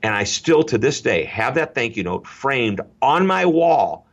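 A middle-aged man, a guest speaker on customer service, telling anecdotes in an energetic interview style and repeating key phrases. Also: mid-range voice, a little slow. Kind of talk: interview storytelling.

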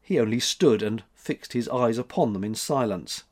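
A man narrating a children's storybook in an expressive way. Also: mid-range voice, moderate pace. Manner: expressive, lively.

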